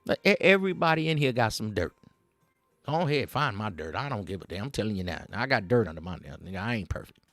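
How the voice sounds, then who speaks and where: A man ranting on a livestream, his pitch swinging up and down as he preaches in street slang. The sound is close and dry, with faint music behind him. He repeats himself often and lectures his listeners. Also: big pitch swings, fast talker, fairly bright tone, no room sound. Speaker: livestream host. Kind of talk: casual livestream rant.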